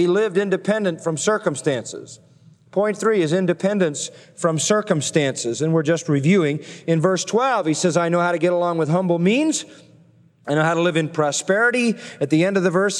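A man preaching an expository sermon, building emphatic repeated phrases and slowing down to stress key words. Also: high voice, long reverb tail. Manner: emphatic, repetitive cadences with slow stressed phrases. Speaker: pastor.

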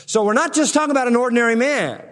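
High-voiced preacher man in a reverberant hall. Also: rapid-fire. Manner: dramatic, swings from loud proclamation to hushed emphasis. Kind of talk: expository sermon.

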